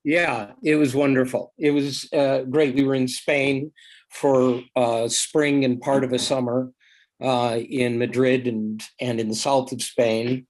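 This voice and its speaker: A man's voice: medium pitch, flat delivery, a little slow. Man actor reminiscing on a video call. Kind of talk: casual chat on a video call.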